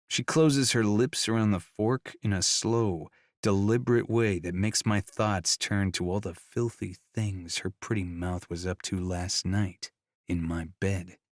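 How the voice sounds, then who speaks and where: Low dry-voiced male audiobook narrator. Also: no echo. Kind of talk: first-person romance audiobook narration.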